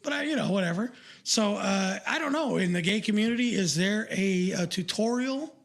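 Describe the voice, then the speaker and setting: An older man with a notably high voice co-hosts a podcast in casual chat. He rambles, circling back with fillers and restarts as he goes. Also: expressive, normal speed, creaky. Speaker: podcast co-host.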